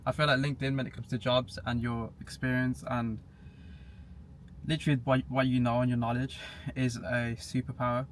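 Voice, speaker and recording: A man's voice: mid-range voice, little pitch movement, moderate pace. A young man chatting casually as a podcast guest, matter-of-fact and laughing at himself now and then. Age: young adult. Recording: faint background hiss.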